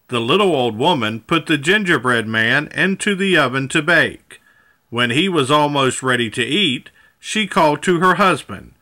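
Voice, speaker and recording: A man narrating a children's storybook aloud with a measured, clear reading. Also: on the high side, lively intonation, pushed and bright.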